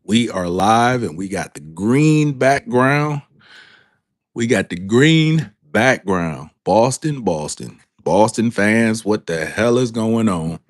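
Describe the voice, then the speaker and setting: Slow-talking man hosting a live sports stream. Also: lowish voice, expressive, no echo, clean studio sound. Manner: drawn-out, repetitive, calling out to viewers. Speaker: sports talk show host. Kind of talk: live-stream reaction talk. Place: home studio with a green background.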